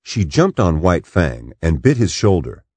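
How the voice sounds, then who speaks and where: Slow, deep-voiced male storyteller. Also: big pitch swings, a little mellow, husky, dry recording. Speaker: narrator. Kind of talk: audiobook narration.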